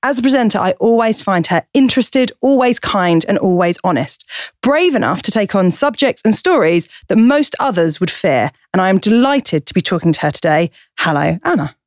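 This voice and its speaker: A woman hosting a chat podcast, her voice croaky, reading listener emails and chatting with her guest. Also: mid-range voice, animated, moderate pace. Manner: warm enthusiastic interviewer, gasps and laughs. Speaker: podcast host.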